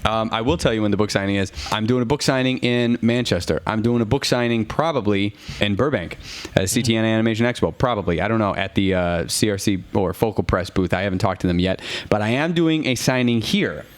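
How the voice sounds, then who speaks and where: A man's voice: lowish voice, fairly quick. A man hosting a live podcast show, talking in a casual, upbeat and chatty way. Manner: chatty, upbeat, self-correcting. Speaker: podcast host.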